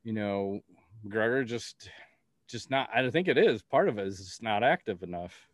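A man's voice: on the low side, lively intonation, moderate pace, no echo. Man, podcast host, casual chat, blunt, profane, dry sound.

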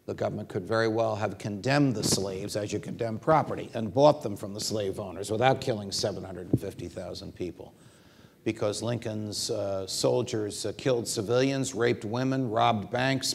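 A man speaking as a guest in an interview, measured with frequent pauses, telling anecdotes. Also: on the low side, gravelly, slight background noise. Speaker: guest legal commentator. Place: stage at a university event.

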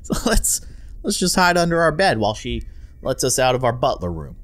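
A young man narrates his gameplay in a playful, chatty way. His pitch bounces around a lot, and he often trips over and repeats his words. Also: very animated, brisk, a bit bright. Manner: playful, self-amused, chatty with repeated restarts. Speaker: gaming video host. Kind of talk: let's play commentary.

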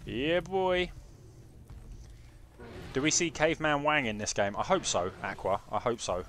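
A young British man doing excitable, jokey live gameplay commentary and chatting with his viewers. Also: mid-range voice, a little fast, a little hiss or hum. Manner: excitable banter with chat, jokey. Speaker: game streamer.

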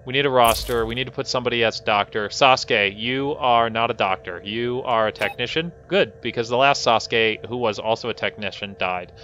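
A man's voice: medium pitch, a little fast, hardly any pauses, sharp tone, highs cut off. A man streaming a colony-building game, commenting live and scolding his characters in exasperated outbursts. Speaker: gaming host.

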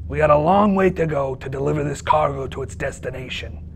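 An actor playing a crude, brash, teasing spaceship pilot in a comedy sketch. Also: male voice, a little high, fairly quick, vocal fry, slight background noise.

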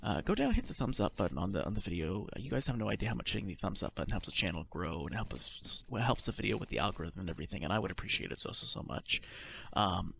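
A man's voice: sits low, sing-song, quick pace, vocal fry, fairly bright tone, a little hiss or hum. A man hosting a gaming channel, chatting casually and reading a text aloud, tripping over words and adding wry asides. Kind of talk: casual let's-play outro and reading aloud.

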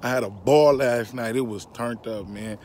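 A man's voice: mid-range voice, normal speed, over a noisy crowd. A man vlogging casually, slangy and laid-back as he talks to his viewers. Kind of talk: casual vlog talk.

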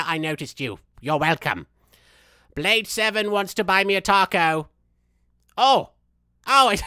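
A man's voice: sits high, bright, forceful tone, smooth, no room sound, studio quality, exaggerated voice. A man voicing a vain, unhinged young male villain, streaming a game in character with boastful, theatrical talk. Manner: boastful, theatrical, wildly swinging delivery, laughs at himself. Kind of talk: in-character gameplay commentary.

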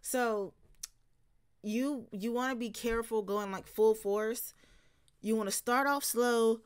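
A woman's voice: fairly high pitch, steady tone, slow pace, clean tone. Chatty, yawning woman vocal coach. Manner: chatty, full of fillers and restarts. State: tired and yawning. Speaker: vocal coach reacting to a video. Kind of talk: casual reaction commentary.

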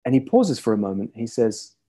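A male coach speaks in a soft, mellow tone with a slightly husky edge. He tells stories slowly and reflectively, leaving deliberate pauses between thoughts. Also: medium pitch, big pitch swings. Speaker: leadership coach. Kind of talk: motivational talk to camera.

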